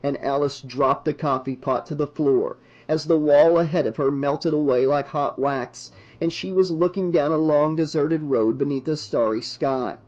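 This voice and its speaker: A man's voice: a little high, darkish tone, highs cut off. Man narrating a horror audiobook. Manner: measured dramatic narration. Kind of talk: unabridged horror novel reading.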